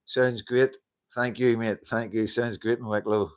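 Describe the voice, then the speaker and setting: A man's voice: mid-range voice, steady tone, unhurried, clear, resonant tone. A man hosting a casual live-stream chat, greeting viewers, laughing often and swearing casually into a handheld mic. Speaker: livestream host. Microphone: handheld wireless mic.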